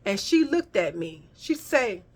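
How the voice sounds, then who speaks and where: A woman's voice: medium pitch, unhurried, slightly rough. A woman vlogger telling a personal story in casual chat, talking straight to her viewers. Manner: animated storytelling, addresses viewers as y'all.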